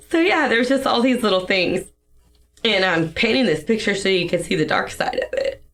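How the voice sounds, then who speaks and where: A young woman giving a personal testimony in a podcast interview, emotional and halting, with fillers and soft laughs. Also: medium pitch, vocal fry.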